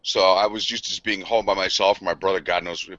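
Casual male co-host: lowish, bright voice, profane and rambling, lo-fi sound. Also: fairly even intonation, a little fast, no room sound. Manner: profane, rambling, laughs often. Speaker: podcast co-host. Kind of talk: casual storytelling among friends. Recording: dry, dull lo-fi podcast audio.

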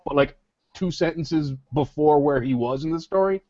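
A man's voice: a little high, moderate pace, dark tone, no echo. A man hosting a podcast, telling a long anecdote in casual chat and acting out his friends' voices as he goes. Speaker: podcast host. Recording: dull, lo-fi podcast audio.

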